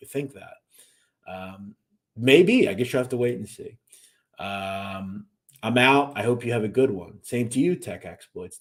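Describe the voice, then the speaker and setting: A young man with a Philadelphia accent hosting a casual live-stream, loose and rambling, reading out viewer comments. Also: medium pitch. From Philadelphia, USA. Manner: loose and rambling, full of fillers. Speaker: host.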